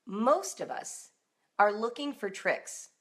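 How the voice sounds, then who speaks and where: A middle-aged woman hosting a live-streamed talk for parents, animated and now and then acting out emotional outbursts in a raised voice. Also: a little high, slow. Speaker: homeschooling author and host.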